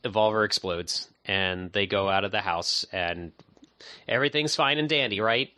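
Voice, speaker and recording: A man recapping a movie plot on a casual podcast, easygoing and full of ums and uhs. His tone is bright and forceful, and the close, dry recording leaves no room echo. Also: fairly low pitch, normal speed. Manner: relaxed recapping with many fillers. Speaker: podcast co-host.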